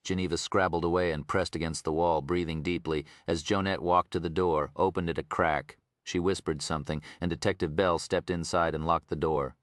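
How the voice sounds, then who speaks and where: Man, audiobook narration, lowish pitch, dry close recording. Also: fairly even intonation, fairly quick, hardly any pauses, no echo. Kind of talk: scripted narration.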